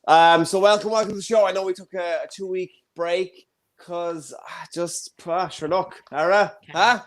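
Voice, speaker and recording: A young Irish man emceeing a stand-up comedy night, chatty and self-mocking with quick asides. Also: high-pitched, steady tone. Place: comedy venue with a live audience.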